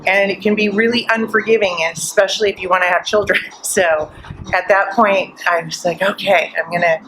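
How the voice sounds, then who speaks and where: A middle-aged woman guest at a live podcast event, telling her story in an animated way and acting out the voices she quotes. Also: medium pitch, fairly quick, noisy background.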